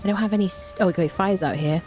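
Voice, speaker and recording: Woman, game streamer; nervous, jokey commentary over quiet game music. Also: mid-range voice, quick pace. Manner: jittery, jokey, often shrieking in fright. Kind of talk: live gameplay commentary.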